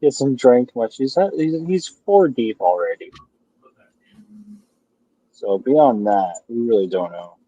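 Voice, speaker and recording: A man's voice: mid-range voice, expressive, takes it slowly, pauses often, dark tone, breathy edge, no room sound, low-quality recording. A man co-hosting a beer review live stream, filling the gaps with dry joking commentary in casual chat. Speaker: beer review podcast co-host.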